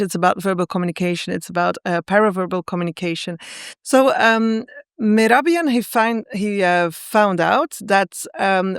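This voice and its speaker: A woman speaks as the guest on a podcast, working through her explanations with frequent pauses, fillers and restarts. Her voice is smooth and resonant, captured dry and close. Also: mid-range voice, dry recording. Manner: hesitant, lots of fillers and restarts. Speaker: guest author.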